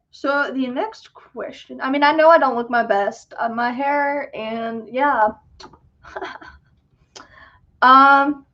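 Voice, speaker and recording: A young woman chatting on a livestream with a high, bright voice, answering viewer questions in a loose, self-deprecating way. The sound is dull and lo-fi. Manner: chatty, self-deprecating, giggly, many fillers. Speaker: livestream host and filmmaker. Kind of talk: casual livestream Q&A chat.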